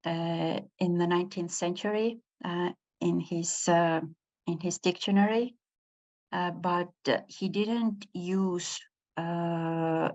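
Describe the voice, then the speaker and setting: A woman giving a university lecture, hesitant, with many pauses and fillers. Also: fairly low pitch, darkish tone. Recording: dull lo-fi recording.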